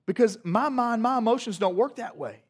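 A man preaching a sermon to a congregation, moving from quiet reflective passages to loud emphatic peaks, with humorous asides. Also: very high-pitched, lively intonation, fairly quick, husky. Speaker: pastor.

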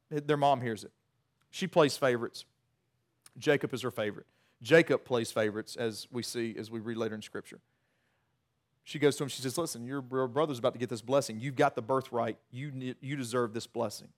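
A man's voice: medium pitch, fairly quick. A man preaching a sermon, retelling a Bible story in a casual, humorous way with frequent restarts.

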